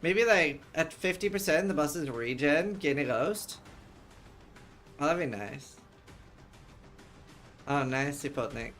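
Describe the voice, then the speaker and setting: A man's voice: a little high, expressive, slow, long pauses, a bit bright, faint music behind. Chatty man casting a game. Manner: chatty, laughs often. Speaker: streamer co-caster. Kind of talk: casual game commentary.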